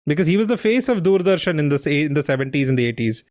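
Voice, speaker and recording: Male quizmaster, explanatory and teasing, slightly high voice, dry sound. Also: animated, very fast, a little mellow, no room sound. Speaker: quiz podcast host. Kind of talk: casual chat.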